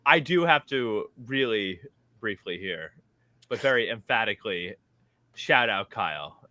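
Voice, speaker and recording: Bright-voiced male podcast host. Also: on the low side, expressive, measured pace, no echo. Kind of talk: casual chat.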